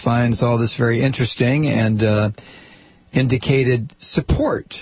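Gravelly, husky male commentary host. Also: mid-range voice, dry recording, highs cut off. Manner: blunt and sarcastic, rambling. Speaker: host of his own program. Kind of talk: political commentary monologue.

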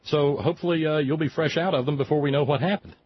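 A male radio host chatting casually, rambling and halting with fillers. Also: on the high side, steady tone, slight background noise. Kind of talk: casual chat. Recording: dull lo-fi radio audio.

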